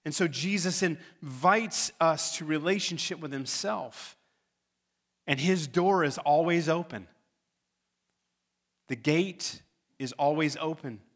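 A man's voice: fairly high pitch, takes it slowly, pauses often, fairly bright tone. A man preaching a sermon as pastor, emphatic, building to urgent pleas.

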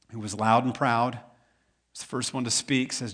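A man from Tennessee, a pastor preaching a sermon in an animated, joking storytelling manner. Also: medium pitch, fairly quick.

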